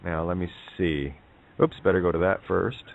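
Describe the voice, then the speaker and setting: A man hosting an online group call, talking casually and haltingly with many fillers and restarts. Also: low voice, steady tone, creaky. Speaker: host of an online call-in forum. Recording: tinny phone-like call audio.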